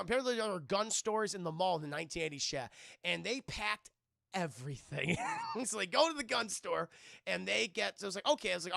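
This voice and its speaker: A man giving an animated, profane scene-by-scene film recap to his stream chat, acting out the characters' lines. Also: high voice, moderate pace, creaky, dry recording, clean studio sound.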